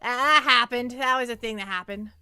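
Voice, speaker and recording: Young woman streamer, high bright voice, chatty and rambling, stammers and repeats herself. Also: a little fast, clean tone, dry recording, soft background music. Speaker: virtual streamer. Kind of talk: casual livestream chat.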